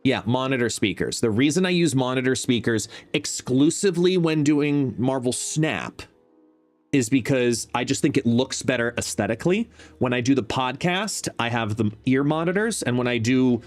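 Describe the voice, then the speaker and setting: A man's voice: mid-range voice, lively intonation, moderate pace, soft background music. Chatty man testing his mic on a stream. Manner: chatty, explains while testing his mic, shifts between quiet and loud. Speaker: live-stream host. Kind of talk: casual chat. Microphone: desk microphone, no headphones.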